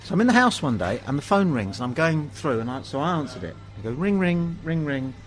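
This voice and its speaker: In a pub-chat storytelling podcast, the host, an Englishman, talks fast in a mid-range voice and acts out dialogue in animated, funny anecdotes. The audio is rough, with faint music underneath.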